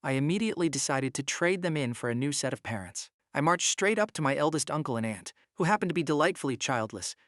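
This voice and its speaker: A man narrating a story recap in a brisk, dramatic first-person telling. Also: on the high side, animated, a bit bright, no echo, studio quality.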